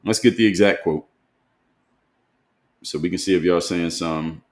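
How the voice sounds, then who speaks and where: Low-voiced man talking live in a roomy room. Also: a little slow. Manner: conversational, repeats rhetorical questions. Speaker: host. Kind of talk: live stream commentary reading viewer comments. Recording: roomy echo.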